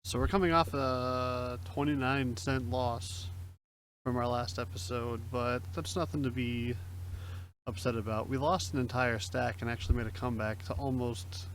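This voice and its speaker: A man's voice: mid-range voice, steady tone, moderate pace, slight background noise, low-quality recording. A young man casually talking through his online poker hands as a streamer, chatty and self-mocking. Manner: chatty, self-mocking, explains plays aloud.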